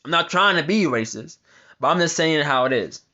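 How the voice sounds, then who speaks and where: A man's voice: on the high side, lively intonation, moderate pace, sharp tone, dull audio. A man doing reaction commentary on a news article, ranting with heavy profanity and stumbling over his reading. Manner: stumbles while reading aloud. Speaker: commentary vlogger.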